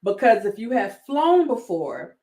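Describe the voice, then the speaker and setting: A woman's voice: a little high, big pitch swings, measured pace, dark tone. A woman with a Southern American accent, hosting a casual commentary vlog, sassy and laughing often as she talks to her viewers. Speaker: YouTube commentary host.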